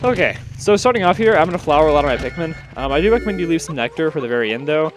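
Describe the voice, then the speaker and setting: A man's voice: a little high, lively intonation, very fast. A young man, out of breath, rambling chattily as he commentates a video game playthrough. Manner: rambling, self-correcting, chatty. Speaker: let's play host. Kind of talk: casual gameplay commentary.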